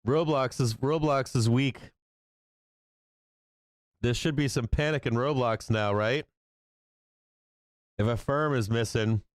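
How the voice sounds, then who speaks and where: A man with a mid-range voice hosts a live stock market stream, speaking slowly with long pauses in a dry recording. He swears a lot, reacts with disbelief and laughs often.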